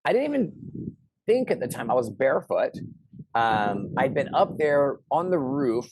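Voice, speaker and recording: A middle-aged man telling a personal story in casual conversation, animated and shouting out the lines he quotes. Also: mid-range voice, moderate pace, noisy background. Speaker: interview guest.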